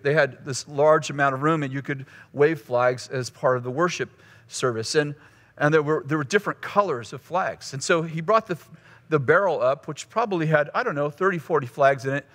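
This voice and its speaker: A man's voice: a little high, normal speed, a bit bright. A male pastor teaching a course session in a conversational, teasing way, often restarting his phrases. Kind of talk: teaching sermon with humor. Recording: long hall reverb.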